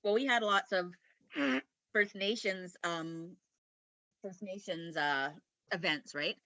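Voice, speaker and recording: Woman interviewee from Canada, bright forceful voice, rambling candid storyteller, dry close recording. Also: fairly low pitch, slow, no room sound. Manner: rambling and candid, laughs often, many restarts. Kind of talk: casual personal storytelling.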